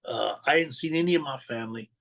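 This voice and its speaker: A man's voice: medium pitch, fast talker, gravelly, fairly bright tone, poor audio. A middle-aged man, a guest on a podcast, telling his life story candidly in blunt street slang and acting out the voices of the people in it. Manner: street slang, swears, acts out quoted dialogue.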